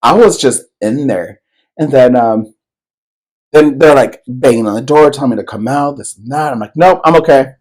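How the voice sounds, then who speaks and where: A man's voice: medium pitch, moderate pace, darkish tone, poor audio. A man co-hosting a podcast, telling a personal story in loose, rambling casual chat, full of fillers and swearing. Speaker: podcast co-host.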